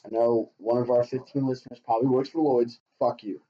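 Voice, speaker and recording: A man's voice: medium pitch, fairly even intonation, fairly quick, a little hiss or hum. A man co-hosting a podcast in casual chat, profane and ranting, laughing often. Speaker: podcast co-host. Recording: dull lo-fi sound.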